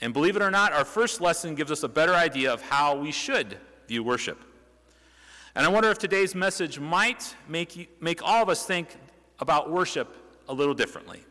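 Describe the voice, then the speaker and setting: Bright-voiced young preacher in a church. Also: male voice, fairly high pitch. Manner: conversational, with restarts and rhetorical questions. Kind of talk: sermon. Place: church sanctuary. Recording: reverberant church hall.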